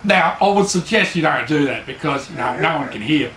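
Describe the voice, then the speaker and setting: A man's voice: on the high side, animated, fairly quick, a bit bright, roomy sound, slight background noise. An Australian man giving a sarcastic, mocking comedy lecture as a mock instructor.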